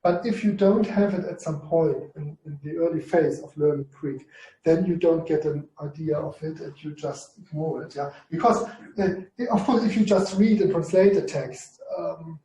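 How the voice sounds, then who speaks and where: A man teaching Greek to a class, explaining rules in halting phrases and often repeating himself. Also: fairly high pitch, warm tone. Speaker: Greek lecturer. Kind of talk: university class discussion. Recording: roomy, distant mic.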